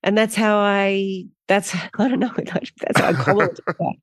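An Australian woman in middle age, talking as a guest in a relaxed interview. She tells her stories with animated bursts of speed and frequent laughter. Her voice sits at a middle pitch and sounds dry and close to the mic. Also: no echo. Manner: animated storyteller, quick bursts, laughs often. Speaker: guest actor. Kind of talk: casual interview conversation.

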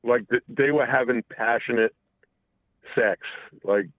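A man's voice: medium pitch, measured pace, dry recording. A man calling in to a talk show, telling a candid personal story in a rambling way full of restarts and profanity. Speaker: caller. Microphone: phone. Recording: tinny phone line.

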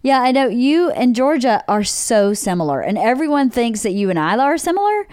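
A woman's voice: a little high, sing-song, brisk, a little mellow, clean tone, no room sound, studio quality. A middle-aged woman hosting a casual chat, reflecting on her family and laughing easily. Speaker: podcast host, wife. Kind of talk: casual conversation.

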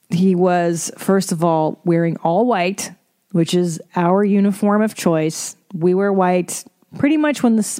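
A woman's voice: lowish voice, warm tone, dry recording, studio quality. A woman hosting a podcast, telling a casual story with wry, profane asides. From Eastern Bloc. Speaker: podcast host.

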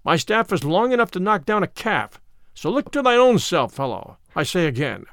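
A stubborn, fearless tanner, as a man reads him aloud, answering back in defiant old-fashioned words. The voice sits high and lively, recorded dry and close. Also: normal speed, dry recording, exaggerated voice. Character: bold, stubborn male tanner.

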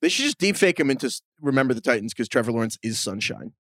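A man co-hosting a podcast in casual chat, riffing through quick jokey tangents. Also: mid-range voice, big pitch swings, fairly bright tone, no room sound, studio quality. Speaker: podcast co-host.

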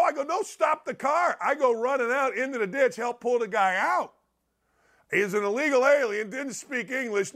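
A middle-aged man hosting a sports talk show, loud, rambling and jokey, swinging from shouts to low mutters. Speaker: sports radio host. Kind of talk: energetic sports talk monologue.

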